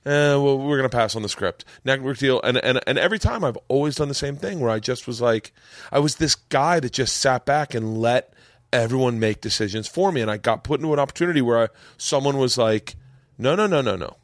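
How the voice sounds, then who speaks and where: A man's voice: medium pitch, brisk, dry recording, studio quality. Rambling, emotional man on a podcast. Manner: rambling, emotional storytelling with many restarts. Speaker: podcast host. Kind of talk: casual podcast chat. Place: home studio.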